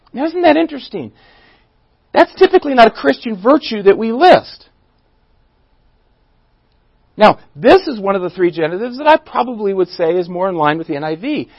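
A man's voice: sits high, dry recording, poor audio. A man teaching a Bible study in a church, who asks the audience questions, restarts his sentences and leans on key words. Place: church room.

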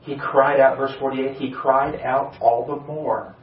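This male pastor has a medium-pitched, level voice and a measured pace. Preaching earnestly in a church sanctuary, he poses rhetorical questions as he builds to urgent emphasis, and the recording sounds roomy, distant and a touch dull.

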